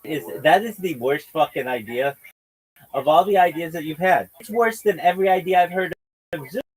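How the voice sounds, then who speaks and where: A man's voice: a little high, moderate pace, slightly rough, poor audio. A man hosting a livestream in casual chat, swearing and using slang as he rambles. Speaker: livestream host.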